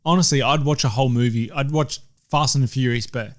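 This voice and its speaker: A man's voice: medium pitch, a little fast. Young aussie guy cracking jokes on a podcast, medium voice, slangy. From Australia. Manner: joking, laughs often, slangy. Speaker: podcast co-host. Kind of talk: casual chat.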